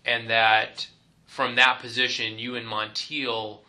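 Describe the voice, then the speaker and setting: A man questions an officer step by step in a formal interview, checking details carefully with fillers and quick apologies. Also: mid-range voice, flat delivery, sharp tone, rough recording. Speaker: investigator conducting the interview.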